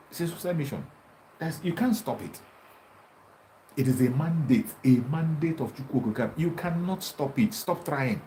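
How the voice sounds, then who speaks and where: A man's voice: fairly high pitch, mellow, slight background noise, poor audio. A man giving an impassioned political monologue, taunting and repeating himself as he challenges his opponents. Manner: combative, taunting, repetitive. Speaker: activist commentator.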